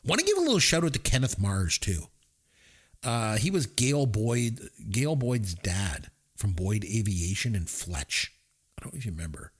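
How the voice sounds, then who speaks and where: A man's voice: on the low side, big pitch swings, normal speed, husky. A man co-hosting a podcast, rambling casually through a movie review and laughing as he retells scenes. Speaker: podcast co-host.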